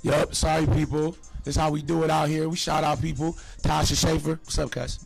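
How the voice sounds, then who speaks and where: A man hosting a live-streamed talk show, giving loud shout-outs to viewers and joking over his guests. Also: a little high, flat delivery, fairly quick, gravelly, slightly rough. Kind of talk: casual group chat. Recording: music playing in the background.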